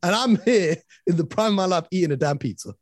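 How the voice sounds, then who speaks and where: Host telling a story, dry close sound, laid back. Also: male voice, high-pitched, lively intonation, fast talker, a little mellow, dry recording. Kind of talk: casual chat.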